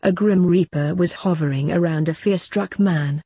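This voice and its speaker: A woman reading a story aloud in an even, unhurried way. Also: fairly low pitch, breathy edge, no echo.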